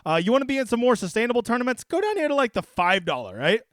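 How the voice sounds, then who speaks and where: A man hosting a casual fantasy sports picks breakdown, brash, profane and excitable as he talks to the viewer. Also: very high voice, very fast, dry recording, studio quality. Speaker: daily fantasy sports analyst and host.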